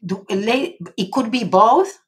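On a casual live stream, an Argentinian-accented woman, Spanish being her first language, reads viewers' comments in a soft, supportive manner full of fillers. She speaks slowly, her pitch fairly high and her voice slightly rough.

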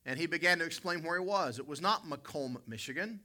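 Briskly and expressively, this West Virginian man in middle age preaches to his congregation, speaking to them directly while recounting a personal story and frequently correcting himself. His voice sits a little high and sounds pushed and bright.

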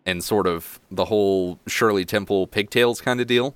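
A man narrating as game master in a tabletop game, describing scenes at an unhurried pace and laughing between lines. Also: on the low side, fairly bright tone, clear, resonant tone, no room sound.

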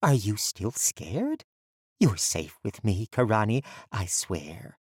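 A man doing a chatty, motherly woman supervisor whose sweetness hides something sinister, her pitch swooping up and down as she coos and coaxes. The voice is a little husky, read in a dry, close audiobook recording. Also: wildly swooping pitch, takes it slowly, darkish tone, dry recording, heavily acted. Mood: sweetly menacing. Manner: gushing, motherly and coaxing. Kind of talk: audiobook character voice.

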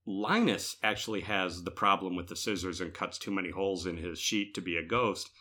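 Animated, laughing man co-hosting a podcast. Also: low voice, a little fast. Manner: animated, laughing, acts out characters' lines. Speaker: podcast co-host. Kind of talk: casual podcast chat.

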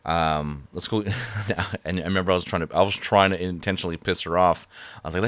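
Brief: man, very low voice, rambling casual storyteller, dry close sound. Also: steady tone, a bit bright, dry recording. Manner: rambling, halting, many fillers and restarts.

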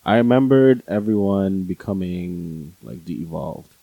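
Low, lively-voiced male podcaster. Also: unhurried, gravelly, no room sound, narrow, tinny audio. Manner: easygoing, laughs along. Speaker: podcast co-host. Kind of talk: casual chat.

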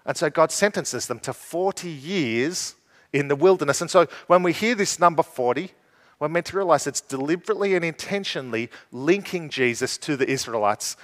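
A man's voice: fairly high pitch, expressive, moderate pace. A man preaching a sermon in a conversational way, asking his listeners rhetorical questions. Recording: long reverb from a hall.

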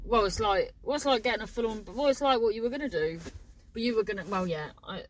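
A woman's voice: on the high side, quick pace, slight background noise, low-quality recording. A woman chatting casually to camera in a rambling, sweary way, often trailing off mid-thought. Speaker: vlogger.

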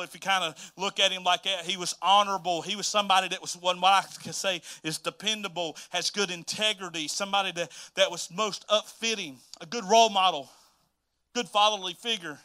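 A man preaching a sermon in an energetic, folksy way, often repeating himself and laughing. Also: high-pitched, brisk. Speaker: pastor.

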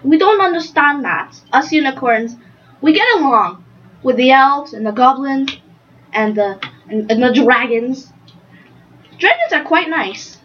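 A woman's voice: sits high, expressive, fairly bright tone, lo-fi sound. A woman playing a chatty young unicorn. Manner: playful, earnest, halting. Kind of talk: improvised role-play interview.

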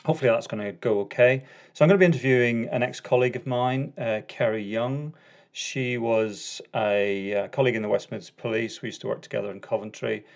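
A man's voice: medium pitch, a little fast, gravelly. A middle-aged man hosting a casual solo podcast, chatty, with lots of ums, uhs and restarts. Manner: chatty and self-correcting, frequent ums and uhs. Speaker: podcast host.

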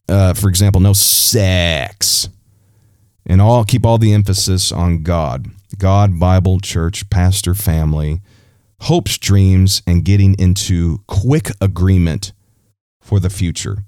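A man's voice: sits low, dark tone, smooth, no room sound, clean studio sound. A man hosting a Christian advice podcast, answering a listener's question in a conversational, preacherly way. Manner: conversational, preacherly, with frequent "you know" and restarts. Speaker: podcast host.

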